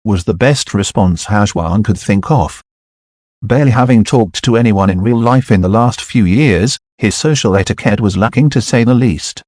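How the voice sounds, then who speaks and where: Man, audiobook narration, low voice, dry close sound, steady. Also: moderate pace, no room sound.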